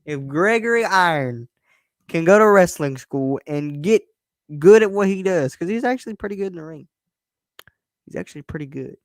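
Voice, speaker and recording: A man's voice: high-pitched, lively intonation, moderate pace, no room sound, studio quality. Blunt, emphatic young man talking. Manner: emphatic and blunt, swears freely, often restarts words. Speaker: host. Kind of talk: casual personal monologue.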